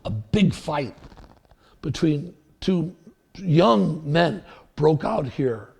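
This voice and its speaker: A man's voice: on the high side, very animated, extremely slow, vocal fry, darkish tone, slightly rough. A man preaching a sermon as pastor, telling stories in a rambling, anecdotal way with restarts. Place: church sanctuary.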